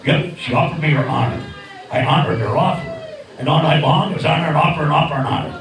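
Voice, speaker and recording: A man's voice: fairly high pitch, expressive, fast, noisy background, voice pushed down. A man voicing a crude, randy male bird puppet in a ventriloquist act, bawdy and wisecracking. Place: bar stage. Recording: echoey bar, distant mic, crowd.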